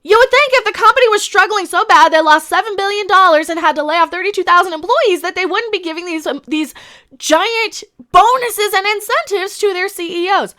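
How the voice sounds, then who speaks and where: Female streamer, high, sharp voice, angry indignant commentary, repeats lines, swears. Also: fairly quick. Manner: swears while ranting. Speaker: streamer host. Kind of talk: live-stream commentary rant.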